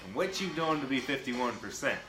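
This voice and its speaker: A man's voice: medium pitch, sing-song, fairly quick, echoey room, music in the background, poor audio. A man hosting his own live-stream show, chatting casually and greeting viewers by name in an upbeat way. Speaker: livestream show host.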